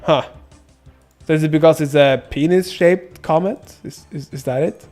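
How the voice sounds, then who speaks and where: This streamer is a young man whose voice sits on the high side with a darkish tone, talking at normal speed. He rambles through his gameplay commentary, cracking jokes as he reads chat, laughing a lot and throwing in silly sound effects, with faint music in the background.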